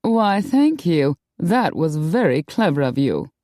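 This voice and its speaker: A woman's voice: deep voice, sing-song, slow pace, dark tone, dry recording, studio quality, exaggerated voice. A woman voicing a snooty, aristocratic female vampire in an audiobook, with a prim, affected, haughty way of talking. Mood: coy, affected. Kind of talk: audiobook character voice.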